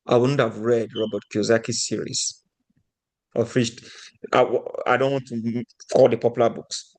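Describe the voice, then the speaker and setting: A man from Nigeria giving a motivational teaching talk, often putting rhetorical questions to his audience. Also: medium pitch.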